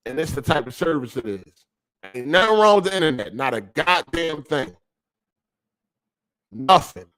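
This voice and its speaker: On his gaming podcast stream, a man complains casually, swearing a lot and using plenty of slang. His voice sits a little high, with lively intonation, normal speed and a slightly bright sound, carried over a weak streaming connection.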